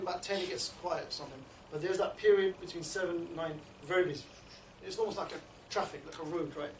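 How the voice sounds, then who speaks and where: A man giving an informal training talk to a group, chatty and often checking in with "you know" and "yeah?". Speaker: street outreach trainer. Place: indoor meeting room. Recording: low-quality recording, distant mic in an echoey room with background noise.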